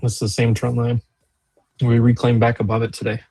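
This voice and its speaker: A man's voice: mid-range voice, monotone, moderate pace, dark tone, breathy edge, dry recording, soft background music, low-quality recording. A man co-hosting a live trading stream in casual chat, who often halts and restarts mid-thought.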